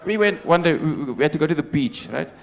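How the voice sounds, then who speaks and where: A man's voice: fairly high pitch, quick pace, gravelly. A man with a South African accent doing a stand-up comedy set, telling stories and acting out the people in them. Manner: animated storytelling, acting out quoted characters.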